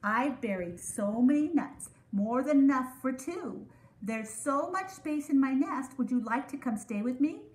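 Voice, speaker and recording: A woman doing an eager little squirrel. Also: high-pitched. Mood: excited. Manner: excited, quick storybook voice. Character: eager cheerful male squirrel, small and bouncy. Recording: echoey room.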